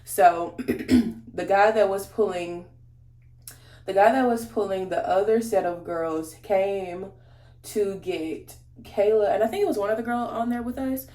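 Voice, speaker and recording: A woman's voice: mid-range voice, unhurried, mellow. A woman beauty vlogger telling a story in casual, slangy chat while she does her makeup, talking straight to her viewers. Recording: roomy echo.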